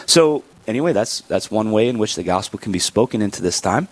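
Man, husky and lowish, rambling vlog-style Christian speaker. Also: lively intonation, brisk, no room sound. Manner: rambling, with many restarts and fillers. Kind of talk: casual vlog talk.

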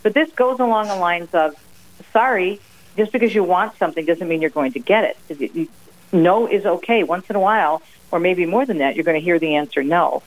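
A middle-aged woman from New Jersey, a guest author on a radio interview, telling family stories in a lively, emphatic way. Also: on the low side, a little fast, poor audio. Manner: lively, emphatic, acts out her mother's sayings. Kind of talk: radio interview, personal storytelling.

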